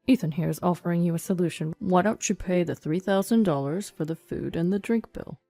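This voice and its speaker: A woman's voice: on the low side, brisk, vocal fry, mellow, no echo, soft background music. A woman voicing a stern, evasive male police officer who talks in a curt, official way.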